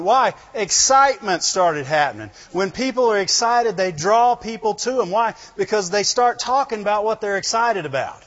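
A man preaching a sermon, animated and full of rhetorical questions, breaking into "Glory to God" again and again. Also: high voice. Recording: dull lo-fi sound in a reverberant hall.

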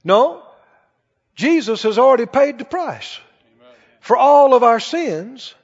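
High-voiced preacher in a reverberant hall. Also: male voice, animated, slow, creaky. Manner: preaching with rhetorical questions to the congregation. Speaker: pastor. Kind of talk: sermon. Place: large church hall. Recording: dull reverberant church recording.

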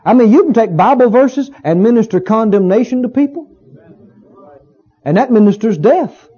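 A man's voice: extremely high pitch, lively intonation, normal speed, dark tone, slightly rough. A male pastor preaching a sermon in a folksy, emphatic way, often repeating his phrases for weight. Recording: dull lo-fi recording.

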